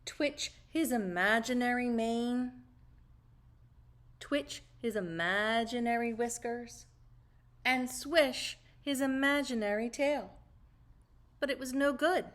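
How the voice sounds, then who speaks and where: A woman reading a children's storybook aloud in an expressive, sing-song way. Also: on the high side, takes it slowly, long pauses.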